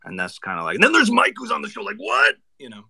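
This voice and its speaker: A man's voice: medium pitch, wildly swooping pitch, very fast, creaky, sharp tone, low-quality recording. A man guest on a show, speaking in a casual, laid-back way with lots of fillers. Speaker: guest impressionist. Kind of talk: casual chat.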